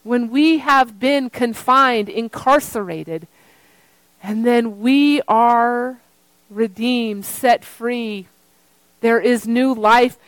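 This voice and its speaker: A woman pastor preaching a sermon in slow, repeated phrases, at times singing a refrain. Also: fairly high pitch, dry recording, rough recording.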